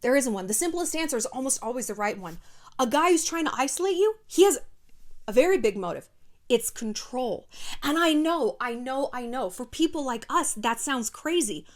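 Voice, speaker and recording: A brash, sassy woman in her thirties talks straight to camera in a casual commentary, swearing freely and acting out quotes from other people. Her voice sits fairly high and swings widely in pitch, full of animation. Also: lively intonation, moderate pace. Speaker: YouTube host.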